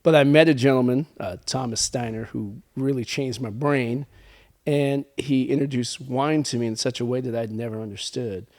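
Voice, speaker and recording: A man's voice: medium pitch, normal speed. A man, a podcast guest, casually telling stories and acting out quoted conversations. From California. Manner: animated storyteller acting out quoted exchanges. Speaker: podcast guest, wine label owner. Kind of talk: casual storytelling chat.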